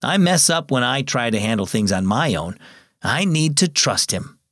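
Guy reading a tired kind dad, gentle and reassuring, dry close sound. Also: mid-range voice, very animated, normal speed, dry recording. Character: kind, tired, faithful father.

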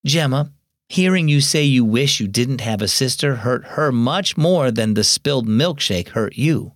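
A man reading the part of a patient mother who gently teaches her daughter in a radio story. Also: medium pitch, animated, measured pace, no echo, studio quality, natural voice. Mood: calm. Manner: gentle, instructive.

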